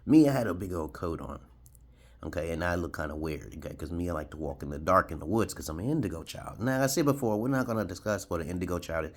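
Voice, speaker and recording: Gravelly low-voiced man rambling on. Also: expressive, quick pace. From Brooklyn, New York, USA. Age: 40s. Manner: rambling, keeps adding "okay?", chuckles. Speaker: video blogger. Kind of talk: rambling storytelling monologue.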